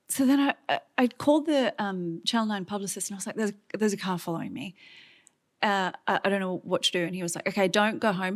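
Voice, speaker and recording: A woman in her thirties with an Australian accent, a guest on stage telling a story in lively, chatty fashion with many fillers and acted-out quotes. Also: mid-range voice. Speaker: guest author. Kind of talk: on-stage conversation. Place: stage event before an audience.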